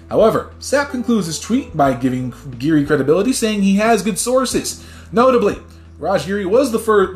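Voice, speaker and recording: Animated, swearing podcast host, echoey. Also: male voice, a little high. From New Jersey. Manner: animated, swears freely, gets loud when worked up; reads news articles aloud with stumbles. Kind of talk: casual news commentary podcast.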